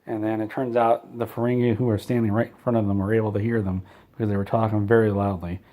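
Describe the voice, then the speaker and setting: A man's voice: lowish voice, level tone, fast, dark tone. A man telling a rambling comedic story, meandering and interrupting himself with a dry, offhand delivery. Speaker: comedy channel host.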